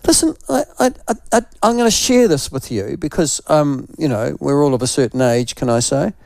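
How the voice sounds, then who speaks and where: Older NZ radio host, unwell with flu, fairly high voice, rambling self-deprecating yarns, dry studio sound. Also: male voice, expressive, moderate pace, gravelly, darkish tone, dry recording. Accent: New Zealand. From New Zealand. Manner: rambling, self-mocking storyteller. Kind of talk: casual morning radio chat.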